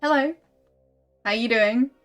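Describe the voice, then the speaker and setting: Young woman, game streamer, relaxed chat, high voice, slow pace, faint music behind. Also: dull audio. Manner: relaxed, chatty, greets viewers.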